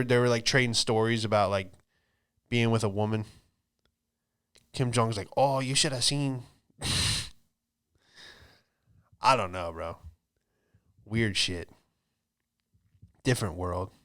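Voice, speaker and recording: A man hosting a podcast, doing a loose, profane comedic monologue and slipping into quick put-on voices. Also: medium pitch, a bit bright, smooth. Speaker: podcast host, stand-up comedian.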